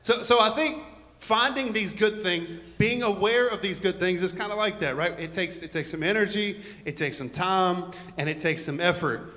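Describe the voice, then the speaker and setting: A man's voice: high-pitched, moderate pace, pushed and bright, big-room sound. A man preaching a conversational sermon to a congregation, full of joking asides and rambling stories. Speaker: pastor.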